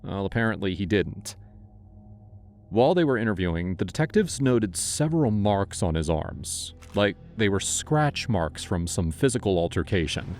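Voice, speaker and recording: A man's voice: lowish voice, very animated, moderate pace, darkish tone, soft background music. A man giving scripted narration for a true-crime video.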